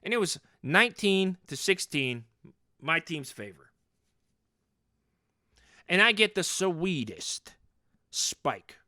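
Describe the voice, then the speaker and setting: A man's voice: high voice, sing-song, slow pace, pauses often, sharp tone, no room sound, studio quality, full character voice. A man in his forties playing a hot-headed, overcompetitive sports dad in an improvised comedy podcast monologue, rambling and boastful and repeating himself. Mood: worked up. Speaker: podcast host in character.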